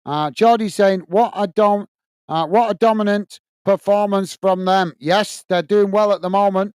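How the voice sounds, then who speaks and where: A chatty man hosting a live football watch-along, with a fairly high, smooth voice. He talks loosely to viewers in a dry, close recording with no room sound. He keeps slipping in "mate" between match updates. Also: steady tone, normal speed, a little mellow, no room sound. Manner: chatty, loose, often calls listeners "mate"; reads viewer comments aloud. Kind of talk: casual live-stream chat and match commentary.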